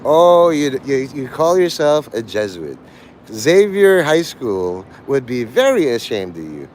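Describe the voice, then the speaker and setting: Animated, crude rambling male livestreamer. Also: medium pitch, measured pace, a little hiss or hum. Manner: crude, rambling, jokey, breaks into laughter. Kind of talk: rambling live-stream chat.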